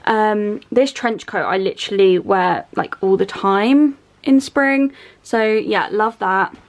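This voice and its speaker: A woman's voice: medium pitch, slow. A young woman with an English accent chatting casually to camera at home, rambling with lots of ums and likes. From England. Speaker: vlogger.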